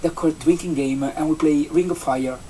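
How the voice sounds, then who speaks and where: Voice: mid-range voice, steady tone, warm tone. Rambling young adult with an Italian accent. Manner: rambling, halting, with many restarts and fillers. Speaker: vlogger, seasonal campsite entertainment worker. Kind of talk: casual vlog chat. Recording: distant mic with faint background noise.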